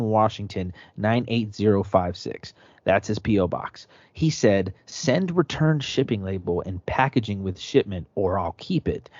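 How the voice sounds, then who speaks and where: A man hosting a casual sports podcast works himself into a heated, swearing rant. His voice has a middling pitch and comes through dry and a little dull, like a lo-fi home recording. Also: no echo. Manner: profane, heated ranting storyteller. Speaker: podcast host.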